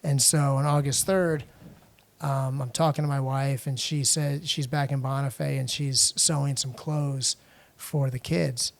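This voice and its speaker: A middle-aged man from the United States, a podcast guest telling a personal story in a halting way, with frequent restarts and fillers. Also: mid-range voice, steady tone, vocal fry. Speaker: podcast guest, international lawyer.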